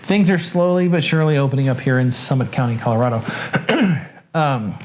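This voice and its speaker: A man's voice: medium pitch, a little fast, a little mellow, slight background noise. A man with a Southern accent hosting a casual livestream, chatting in a rambling way with asides and restarts. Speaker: host.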